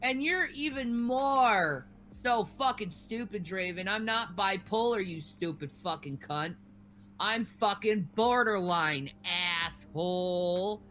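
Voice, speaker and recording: A woman's voice: medium pitch, slow pace, fairly bright tone. An enraged woman streamer in a furious, profane tirade, stammering as she repeats herself. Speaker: livestreamer. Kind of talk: angry livestream rant.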